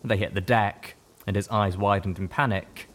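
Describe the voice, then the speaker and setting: A man giving a first-person audiobook narration with steady storytelling. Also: fairly low pitch, normal speed.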